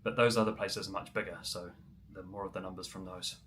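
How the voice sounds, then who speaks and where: A man's voice: low voice, fairly even intonation, fast, very noisy. Chatty New man livestreaming. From New Zealand. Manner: chatty, answers viewer comments, many ums. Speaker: musician livestreamer. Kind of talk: casual livestream chat.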